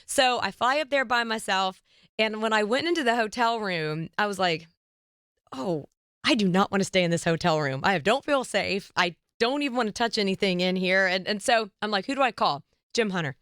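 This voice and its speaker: A woman hosting a podcast, telling a story in a lively, chatty way and squealing up high when she quotes herself. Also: moderate pace, smooth, no echo, clean studio sound. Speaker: podcast host. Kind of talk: casual storytelling chat.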